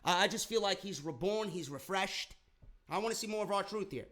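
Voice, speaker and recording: A man's voice: high-pitched, sing-song, a little fast, pushed and bright. A man recapping a wrestling show in a casual, sarcastic rant full of swearing. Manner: profane, sarcastic, rambling.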